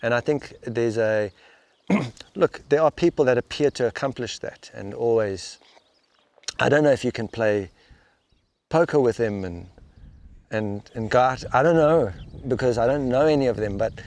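A man with an ordinary, middle-range voice talks reflectively about inner experience. His delivery is halting and unpolished. He often doubles back to restart a phrase or repeat a word before he goes on. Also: medium pitch, a little mellow, dry recording. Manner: thoughtful, halting, with frequent restarts and repeated words. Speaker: spiritual teacher interviewed as guest. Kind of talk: reflective interview talk. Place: outdoors in the rain.

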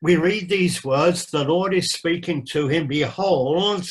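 A man preaching a sermon, explaining a Bible verse in a measured, deliberate way with emphatic repetitions. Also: a little high, poor audio.

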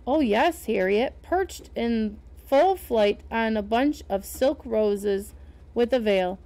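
A woman's voice: fairly high pitch, slow, warm tone. A woman reading aloud and voicing an indignant, bird-loving woman who scolds fashionable ladies. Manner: outraged, scolding. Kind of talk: storybook read-aloud.

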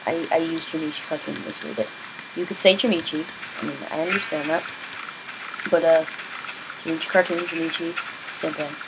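A man giving rambling, chatty video game commentary as a channel host, breaking into exasperated yelling when things go wrong. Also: a little high, gravelly, background noise.

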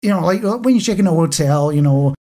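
A man's voice: a little high, animated, a little fast, warm tone. Man co-hosting a podcast, wry and dry. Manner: wry, dry humour, addresses listeners directly. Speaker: podcast co-host. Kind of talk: casual chat.

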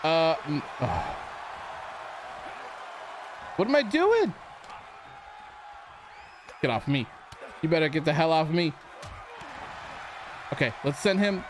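A man hosting a gaming channel, giving excitable let's play commentary and talking back to the characters on screen. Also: a little high, a little slow, long pauses, a crowd in the background. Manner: excitable, reacts loudly to the game, talks to characters. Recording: clear background noise.

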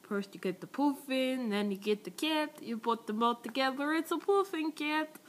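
A woman's voice: high voice, animated, normal speed, a little hiss or hum. A young woman chatting in a casual video message to friends. She talks in a rambling, giggly, awkward way, recorded on a tablet's built-in mic. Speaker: vlogger.

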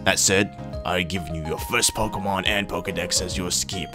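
A man voicing a stern older male professor in a game, reading in a low, subdued voice. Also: steady tone, brisk, natural voice. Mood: lecturing. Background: game music.

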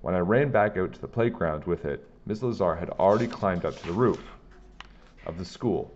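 A man reading a children's chapter book aloud with plain, steady storytelling. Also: deep voice, moderate pace, lo-fi sound, slight background noise.

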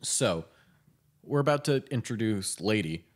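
A man's voice: on the low side, lively intonation. A man co-hosting a film podcast, making joking, sarcastic remarks about the movie. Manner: joking, sarcastic, quick asides. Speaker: podcast co-host. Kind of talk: film commentary chat.

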